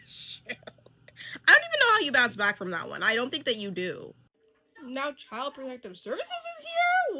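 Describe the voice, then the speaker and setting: Lively young woman reacting out loud. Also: sits high, normal speed, slight background noise, low-quality recording. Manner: animated, exclaiming and laughing often. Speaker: vlogger reacting to a TV show. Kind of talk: casual reaction commentary.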